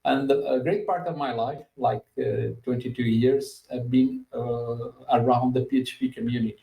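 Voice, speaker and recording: Halting man in his fifties, echoey room. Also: mid-range voice, expressive, gravelly, mellow. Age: 50s. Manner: halting, with many fillers. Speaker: podcast host. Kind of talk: casual podcast interview. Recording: echoey room, far from mic.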